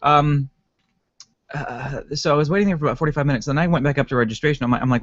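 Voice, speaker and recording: A man's voice: mid-range voice, brisk, dry recording, muffled recording. A man co-hosting a podcast in casual chat, rambling with lots of fillers and laughs. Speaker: podcast co-host.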